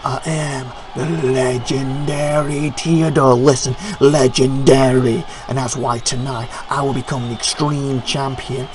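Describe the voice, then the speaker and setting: A man's voice: mid-range voice, level tone, measured pace, hardly any pauses, over music, natural voice. A man voicing an arrogant, boastful male wrestler in a game show promo who bellows at a booing crowd.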